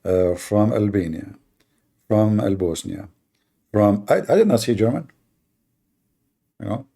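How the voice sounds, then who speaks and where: A man's voice: lowish voice, animated, a little slow, vocal fry, warm tone. A man hosting a live debate stream, talking with callers in a mocking, often laughing way.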